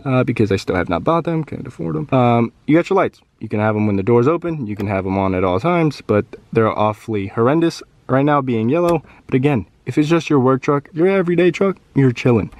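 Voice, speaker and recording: A man's voice: mid-range voice, brisk, hardly any pauses. A young man giving a chatty, joking walkaround review of his pickup truck, talking to the camera from inside and around it. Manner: chatty and joking, lively ups and downs.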